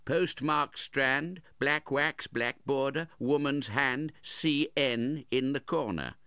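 A man's voice: mid-range voice, slow, bright, forceful tone, smooth, dry recording, pitched above the performer's own voice. A man voicing an odd, shabby middle-aged male clerk in an audiobook, speaking in terse, clipped words. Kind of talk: audiobook character reading.

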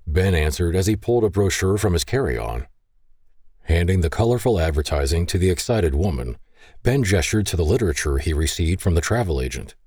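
A man narrating a romance novel in an expressive storytelling manner. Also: sits low, normal speed, dry recording, clean studio sound. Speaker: audiobook narrator. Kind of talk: scripted narration.

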